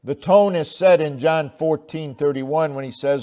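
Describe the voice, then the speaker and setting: A man preaching a sermon, slow and deliberate, with long pauses and swelling emphasis. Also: a little high, mellow. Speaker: pastor.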